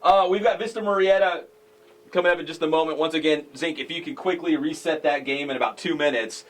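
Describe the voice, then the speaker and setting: Guy hosting a sports show, a bit high-pitched, excited and jokey, lots of banter. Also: brisk.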